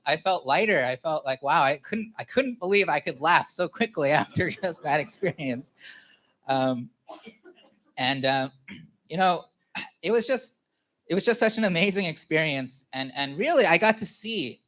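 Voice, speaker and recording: Brief: male pastor, relaxed confessional storyteller, lots of fillers and laughter. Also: on the high side. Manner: candid storytelling with many fillers and frequent laughter. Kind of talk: personal testimony in a sermon.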